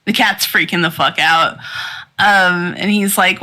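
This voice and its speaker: A woman's voice: on the low side, fairly even intonation, measured pace, pushed and bright, poor audio. A woman co-hosting a podcast, casually recapping a manga with lots of fillers and laughter. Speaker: podcast co-host.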